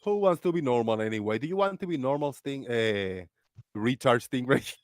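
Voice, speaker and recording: A man hosts a casual live chat over an online call, cursing freely, ranting and laughing between lines. His voice sits at an ordinary middle pitch and is recorded close and dry, with no room sound around it. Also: expressive, normal speed, no echo. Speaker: host.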